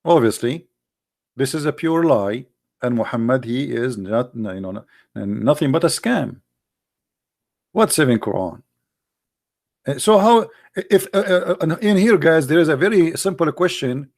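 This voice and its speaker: Man, high-pitched voice, sarcastic commentary, rhetorical questions, English. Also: animated, measured pace, gravelly, pauses often, darkish tone. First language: Arabic. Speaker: religious critic. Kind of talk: polemical commentary.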